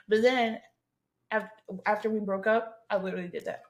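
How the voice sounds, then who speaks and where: Answering listener questions solo, this young podcast host keeps it casual and blunt, cursing freely with plenty of slang. She speaks fairly quickly at a medium pitch, her intonation fairly even.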